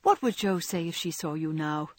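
A woman's voice: sits low, animated, moderate pace, no echo. A woman voicing an earnest young woman who lectures her friend, in a storybook reading. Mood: lecturing.

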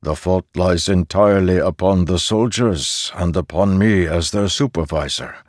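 A man voicing a calm farmer who oversees soldiers in an audiobook; the voice is kindly and soft, and he speaks slowly and reassuringly. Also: low voice, no echo, studio quality. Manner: slow, measured and reassuring. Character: calm middle-aged male farmer overseer, kindly but firm.

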